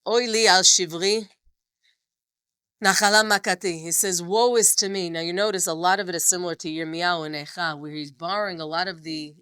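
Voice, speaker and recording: A woman leads a text study class in a crisp, clear voice with a bright, forceful edge. She sits slightly low in pitch and reads passages aloud with feeling before explaining them, in a close, dry sound. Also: fairly even intonation, a little fast, no room sound. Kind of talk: classroom lecture reading and translating a text.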